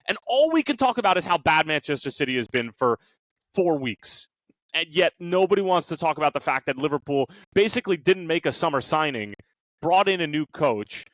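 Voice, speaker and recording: A man on a sports podcast rants about his team, throwing out rhetorical questions and curses. His voice leaps around in pitch as he gets worked up. The sound is close and dry, with no room around it. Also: dry recording. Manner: animated, ranting, profane, rhetorical questions. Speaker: podcast co-host, Liverpool fan. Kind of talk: heated casual sports chat. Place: podcast studio.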